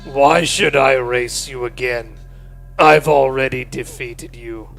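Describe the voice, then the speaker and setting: Slow, gravelly-voiced man role-playing. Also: mid-range voice, fairly bright tone, faint music behind. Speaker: player voicing his character. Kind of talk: in-character role-play.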